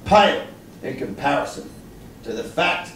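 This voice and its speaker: A man's voice: fairly high pitch, expressive, moderate pace, a bit bright, roomy sound, recorded from a distance, slight background noise. A man telling a stand-up story, swearing, mocking himself and laughing along. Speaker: stand-up comedian.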